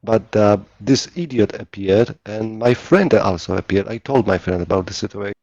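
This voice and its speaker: A man in casual chat, telling a story in halting speech while searching for words. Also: on the low side, darkish tone, no echo, lo-fi sound.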